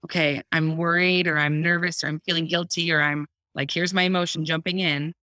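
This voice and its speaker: A woman's voice: deep voice, brisk, smooth, no echo. A woman talking casually about parenting on a podcast, laughing often and acting out her own thoughts. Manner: animated, laughs often, acts out her own inner dialogue. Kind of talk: casual conversational podcast talk.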